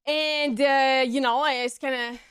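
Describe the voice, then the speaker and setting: High-voiced woman streamer telling a story. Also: slow pace, clean tone. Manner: animated, acts out quotes in high squeaky voices. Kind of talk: casual storytelling to chat.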